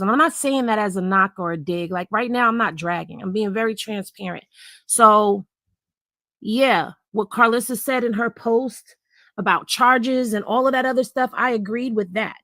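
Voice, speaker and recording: Earnest middle-aged woman with a gravelly voice. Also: mid-range voice, moderate pace, fairly bright tone, no room sound. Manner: earnest and emotional, repeats herself for emphasis. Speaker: blogger. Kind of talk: candid livestream commentary.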